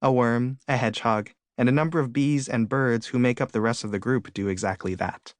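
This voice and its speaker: Male author-narrator, mid-pitched, gentle storybook reading, dry close studio sound. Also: a little fast, no echo. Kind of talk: scripted audiobook narration.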